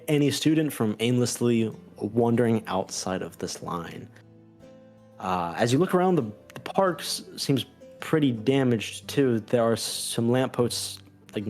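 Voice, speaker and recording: Halting man narrating a tabletop game. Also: fairly low pitch, a little mellow. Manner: halting, filler-heavy, with many restarts. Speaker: game master.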